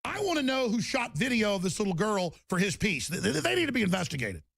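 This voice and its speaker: A male radio host delivering an impassioned rant, intense and repetitive, breaking into shouting. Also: high voice, wildly swooping pitch, quick pace, vocal fry, no room sound, studio quality.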